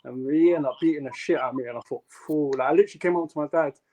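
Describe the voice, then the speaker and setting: A man's voice: fairly high pitch, rapid-fire, rough recording. A young man, a guest boxer, tells stories in casual chat with many fillers. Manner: animated storytelling with many fillers.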